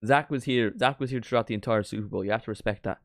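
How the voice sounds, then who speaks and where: A young man doing a live football watchalong, reacting to the match and chatting with viewers, bursting into shouts at big moments. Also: fairly low pitch, quick pace, dry recording, studio quality. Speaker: watchalong streamer.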